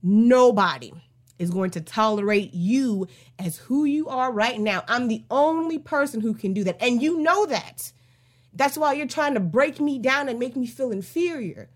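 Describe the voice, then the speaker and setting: A woman hosting a casual song breakdown, talking emphatically with plenty of swearing. She moves between heated rants and slow, drawn-out musing. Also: fairly high pitch, lively intonation. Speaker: podcast host.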